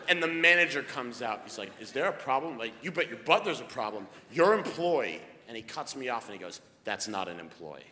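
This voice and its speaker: A man doing a stand-up comedy set on stage, telling a story and building to shouted punchlines. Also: fairly high pitch. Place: comedy stage before a live audience. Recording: echoey hall with crowd noise.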